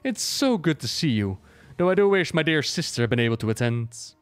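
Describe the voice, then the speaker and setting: A man's voice: on the high side, very animated, brisk, clear, resonant tone, no echo. A man voicing a genteel undead nobleman. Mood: courteous.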